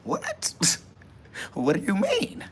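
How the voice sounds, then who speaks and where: A man hosting a self-talk podcast, ranting loudly and boastfully in profane slang and mockingly imitating other people's questions. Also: high voice, lively intonation, moderate pace, a little hiss or hum. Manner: loud, boastful, swearing slang rant with bursts of laughter. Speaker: podcast host.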